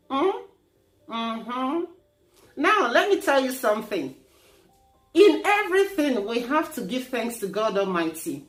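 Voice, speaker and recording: A woman's voice: a little high, reverberant. A Nigerian woman vlogging in a playful, teasing and preachy tone, joking as she lectures her viewers. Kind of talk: casual humorous vlog.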